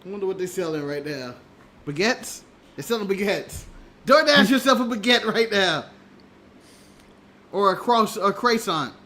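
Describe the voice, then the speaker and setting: Co-host, US man, very high and bright voice, jokey and quick to laugh. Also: slight background noise. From United States. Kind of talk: casual live-stream chat.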